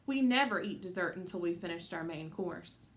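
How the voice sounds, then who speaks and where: A woman voicing a gentle, reasonable mother in an audiobook, speaking quietly and plainly. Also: on the low side, lively intonation, normal speed. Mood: soothing.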